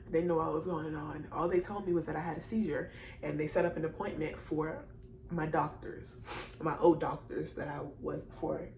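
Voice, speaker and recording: In an echoey space with faint background noise, a young woman vlogs a personal story, her low voice creaky and a little mellow. She rambles and repeats, talks directly to viewers, and apologizes and laughs through tears, keeping a moderate pace and fairly even intonation.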